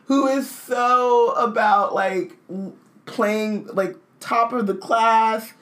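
A woman co-hosting a casual podcast, riffing in rambling, animated bursts full of "like". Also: fairly high pitch, slow. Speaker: podcast co-host. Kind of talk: casual chat.

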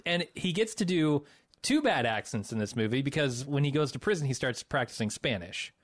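A man co-hosting a relaxed movie review podcast, wry and a little profane, laughing as he talks. His voice sits in the middle range. The close mic sounds dry, with no room at all. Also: mid-range voice, fairly quick, no echo. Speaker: podcast co-host. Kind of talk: casual movie review chat.

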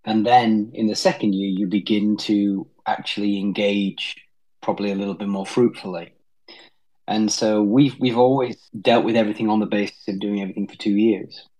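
A man's voice: lowish voice, fairly even intonation, moderate pace, darkish tone, low-quality recording. A man in his fifties with a British accent, a pastor speaking hesitantly in a conversational interview with many restarts. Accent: British English. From England. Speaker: staff pastor.

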